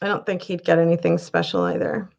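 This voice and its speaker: A woman's voice: on the low side, very animated, brisk, vocal fry, darkish tone, highs cut off. A woman hosting a casual live chat, greeting viewers by name and laughing often as she reads their comments. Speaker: live-stream host reading viewer comments.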